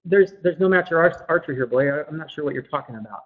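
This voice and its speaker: A man's voice: fairly high pitch, lively intonation, fast, narrow, tinny audio. A man voicing a puzzled, dismissive village woman who stammers.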